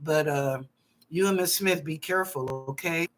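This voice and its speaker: A woman hosting live online psychic readings from her apartment, animated and playful, drawing out phrases with chatty asides. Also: sits low, normal speed, soft background music. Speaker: psychic reader and show host. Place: apartment at home.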